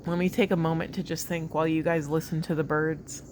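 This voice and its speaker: A woman's voice: low voice, little pitch movement, brisk, noisy background. A woman giving a spiritual card reading to viewers, talking in an earnest, rambling and emotional way. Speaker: tarot card reader.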